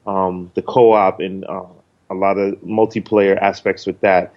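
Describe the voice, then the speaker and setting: A man's voice: deep voice, level tone, measured pace, lo-fi sound. A man co-hosting a podcast, talking loosely and rambling with lots of ums and casual swearing. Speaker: podcast co-host.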